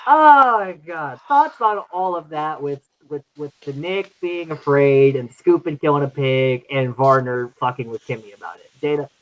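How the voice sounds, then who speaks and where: A man's voice: normal speed, hardly any pauses, rough recording. Guy hosting a podcast, keeps acting out the quotes, voice jumps all over. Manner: animated, acts out quotes with big pitch jumps. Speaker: podcast host. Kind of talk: casual chat recapping episodes.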